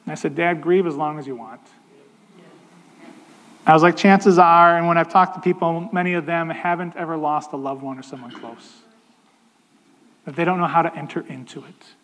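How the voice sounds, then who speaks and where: A man preaching a sermon in a conversational way, slowing down to stress key points. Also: fairly high pitch, steady tone, a bit bright, in a large hall. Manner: conversational, slows down for emphasis. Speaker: pastor.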